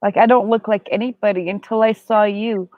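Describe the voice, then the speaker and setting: A woman's voice: medium pitch, steady tone, a little fast, dry recording, phone-quality sound. A woman joining a casual chat as the host's cousin, agreeable and chatty. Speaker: guest, cousin.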